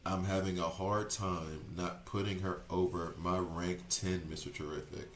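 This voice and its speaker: Deep-voiced man rambling over a game. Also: fairly even intonation, moderate pace, roomy sound, slight background noise. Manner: chatty, rambling, self-correcting. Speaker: streamer. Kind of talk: casual gameplay commentary.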